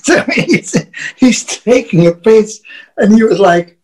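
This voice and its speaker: A Dutch man with a notably high voice tells a loose, profane road story as a podcast guest. He laughs often and restarts words as he goes. English is not his first language, and his Dutch accent is clear. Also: expressive, slow, darkish tone, poor audio. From Netherlands. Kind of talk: casual storytelling.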